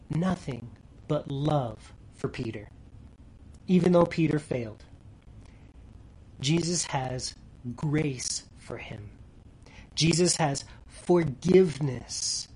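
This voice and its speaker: Earnest preaching man, slightly high voice. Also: expressive, slow pace, long pauses, breathy edge, low-quality recording. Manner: earnest preaching, dropping to soft near-whispers for tender lines; rises loud and high reading scripture. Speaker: pastor. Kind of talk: sermon.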